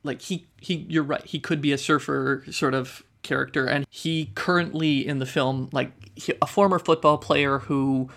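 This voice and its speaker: A man with a gravelly, slightly higher voice, chatting on a podcast. He thinks out loud and stammers through restarts as he builds his points. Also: fairly even intonation, normal speed, few pauses. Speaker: podcast co-host. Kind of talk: casual chat.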